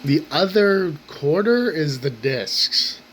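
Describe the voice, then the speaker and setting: In a slightly high, sing-song voice with a bit of brightness, a man rants slowly to his camera from the kitchen table at home. He sounds exasperated, swearing and repeating himself, and the low-quality recording has slight background noise.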